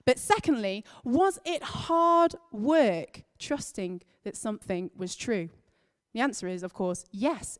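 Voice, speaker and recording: Woman giving a lively kids' talk. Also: fairly high pitch, smooth. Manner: emphatic, storytelling, stretching key words. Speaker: children's and families leader. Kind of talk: lively children's talk in church. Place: large church hall. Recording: long reverb of a church hall.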